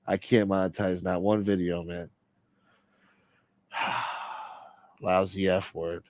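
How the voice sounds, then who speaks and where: Brief: rambling, profane male stream host, low voice, dry close sound. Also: flat delivery, normal speed, darkish tone, no room sound. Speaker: livestream host. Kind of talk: casual live-stream chat.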